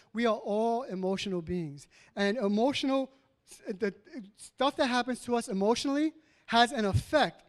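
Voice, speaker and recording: High-voiced man preaching conversationally. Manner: animated, conversational preaching with quoted asides. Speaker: pastor. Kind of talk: sermon.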